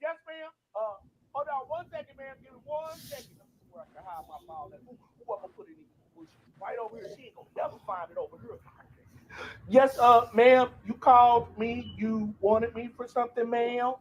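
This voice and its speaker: A playful young dog who plays dumb about a missing ball, as a man voices him, high-pitched and slangy. Behind him there is a faint hiss. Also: steady tone, normal speed, rough recording. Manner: innocent-acting, evasive, slangy. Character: playful young male dog Milo dodging his owner. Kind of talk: comedy animal voiceover.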